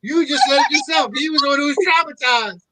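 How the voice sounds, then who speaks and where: A man's voice: very high-pitched, fast talker, bright, forceful tone, no echo, poor audio. A man chatting casually as a co-host, blunt and teasing, with plenty of swearing. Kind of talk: casual chat.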